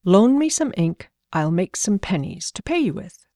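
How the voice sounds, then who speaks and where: A woman voicing a gentle, joking father in a storybook reading, with a wry, mild manner. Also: medium pitch, big pitch swings, moderate pace, no room sound, studio quality.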